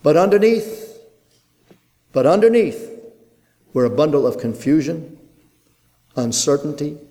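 A man preaching an earnest sermon in a church, with rhythmic phrasing and dramatic pauses. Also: on the high side, very animated, warm tone. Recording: long hall reverb.

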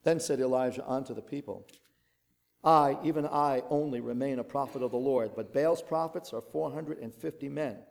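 A man's voice: mid-range voice, normal speed, gravelly. A man preaching a sermon, reading a long scripture passage with dramatic delivery, voicing the quoted speakers and adding his own asides.

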